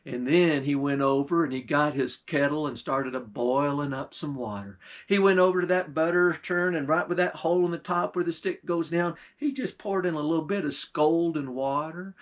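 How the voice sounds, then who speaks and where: A man's voice: fairly high pitch, moderate pace, hardly any pauses. A male pastor, telling a folktale in a folksy, drawling country manner. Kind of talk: folktale storytelling.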